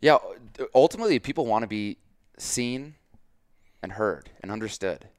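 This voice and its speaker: A man's voice: fairly low pitch, expressive, normal speed, clean tone, dry recording, studio quality. A man hosting a casual podcast as a fitness coach, talking emphatically with lots of "like" and quoted dialogue.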